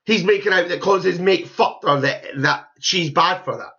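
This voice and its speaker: A man's voice: sits high, normal speed, pushed and bright, highs cut off. A young man giving blunt, scornful, profanity-heavy reaction commentary on a video. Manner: blunt, scornful, swears heavily. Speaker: YouTube commentator.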